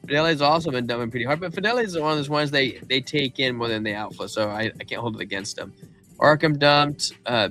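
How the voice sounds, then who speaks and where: Bright-voiced laid-back male co-host. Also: mid-range voice. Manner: laid-back, folksy, reads chat comments aloud. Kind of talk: casual live-stream chat.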